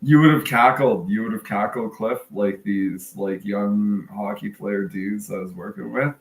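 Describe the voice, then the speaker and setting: A man in a crude casual chat, telling a slow, halting story full of fillers and restarts. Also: fairly low pitch. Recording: echoey room with faint noise.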